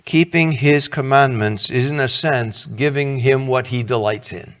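A man's voice: medium pitch, measured pace, long reverb tail. A middle-aged man preaching a sermon as pastor, earnest and conversational, asking the congregation questions.

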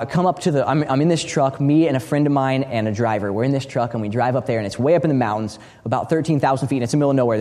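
A man from the United States giving a teaching talk in a large hall, a lively storyteller who often restarts and repeats his words. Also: medium pitch. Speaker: speaker at a training session. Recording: long reverb of a big hall.

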